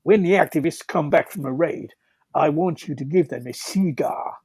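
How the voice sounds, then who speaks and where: A man's voice: a little high, moderate pace, darkish tone, slightly rough, no room sound. An older man, telling rambling stories as a guest and chuckling as he goes. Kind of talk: anecdotal storytelling.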